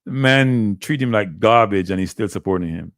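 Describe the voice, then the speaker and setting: Animated man, dry close sound. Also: lowish voice, normal speed, dry recording. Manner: animated, repetitive, addresses viewers as "people". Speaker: livestream host. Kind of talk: casual live commentary.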